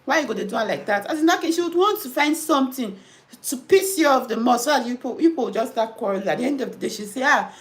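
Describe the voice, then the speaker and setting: Young Nigerian woman, high voice, animated casual storyteller. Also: fast talker. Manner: animated storytelling, mixing in pidgin. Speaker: nurse and host. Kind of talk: casual chat reading comments.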